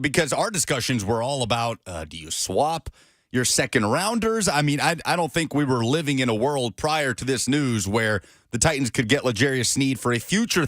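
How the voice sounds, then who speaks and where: Lively male sports radio co-host. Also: mid-range voice, no room sound, studio quality. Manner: lively, ribbing.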